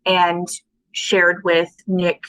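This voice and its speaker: A woman being interviewed about her pottery, speaking in a soft, thoughtful, unhurried way. She talks casually and fills her pauses with "um" and "you know.". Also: on the low side, monotone, a little hiss or hum, rough recording. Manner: soft-spoken, thoughtful, with frequent fillers. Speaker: guest potter.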